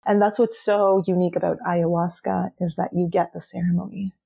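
A young woman with a slightly low voice talks candidly as an interview guest. She is earnest and chatty, with frequent "like" fillers, and her pitch sits a little under the usual range. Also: level tone, a little fast, gravelly, dark tone, husky. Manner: chatty, earnest, says "like" often. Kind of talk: candid personal storytelling.

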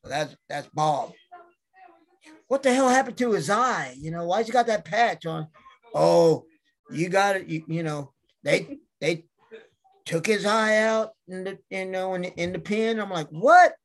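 A man's voice: high-pitched, normal speed, fairly bright tone. A man in casual chat, telling rambling stories and acting out what people said. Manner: rambling storyteller, acts out quotes. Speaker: podcast guest.

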